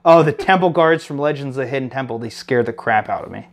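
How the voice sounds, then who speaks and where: A man hosting a casual card game review, reading cards aloud with excited reactions. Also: mid-range voice, quick pace, hardly any pauses. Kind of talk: casual chat.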